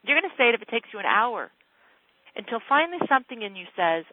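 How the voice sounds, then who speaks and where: A woman's voice: a little high, sing-song, fast, no echo. A woman coach on a phone call with a client, talking in a direct, insistent and emphatic way. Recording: dry narrow phone line.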